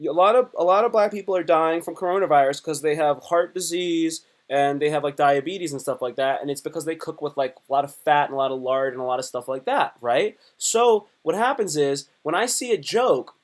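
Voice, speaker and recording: Man, comedian, casual live-stream chat, fairly high voice, rambling, loud-then-quiet delivery. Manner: rambling, repeats himself, jumps between loud bursts and mutters; slips into quick put-on voices.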